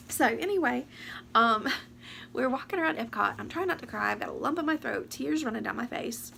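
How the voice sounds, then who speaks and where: A woman, speaking into a camera mic with a very gravelly, fry-filled voice. She rambles emotionally and sounds close to tears. A faint hiss sits under her words. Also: on the high side, animated, bright, forceful tone. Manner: emotional, rambling, talks fast and laughs through tears. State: teary, close to crying. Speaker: vlogger. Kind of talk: casual chat to camera. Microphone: camera or phone mic.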